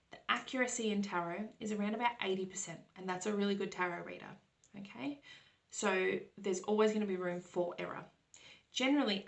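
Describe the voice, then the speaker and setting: A woman's voice: medium pitch, vocal fry, a bit bright. A woman who reads tarot hosts a casual question-and-answer episode, explaining in a reassuring way and often checking in with listeners. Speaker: tarot reader and podcast host.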